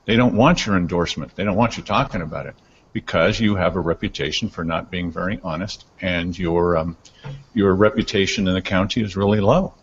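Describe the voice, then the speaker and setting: A man's voice: sits low, fairly quick, a little hiss or hum. A man giving prepared public comment at a meeting, pointed and accusing. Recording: dull, reverberant meeting hall.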